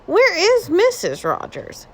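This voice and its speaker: A woman's voice: extremely high pitch, huge pitch swings, slow pace, pitched above the performer's own voice, exaggerated voice. A woman voicing a playful, joking middle-aged husband in a children's storybook. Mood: teasing. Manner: teasing.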